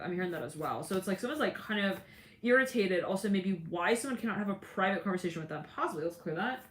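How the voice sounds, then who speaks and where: A woman's voice: mid-range voice, animated, fast, slight background noise. A woman giving a casual, rambling tarot reading who often laughs and acts out what people say. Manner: rambling, voices quoted figures, laughs often. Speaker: tarot reader. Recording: echoey room with faint ambience.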